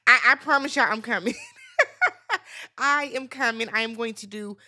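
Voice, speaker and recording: Sassy lady recapping a reality show, high bright voice, talks like AAVE, lots of laughs and cussing. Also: a little slow. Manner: animated, sassy, laughing asides, swears freely. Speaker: recap host.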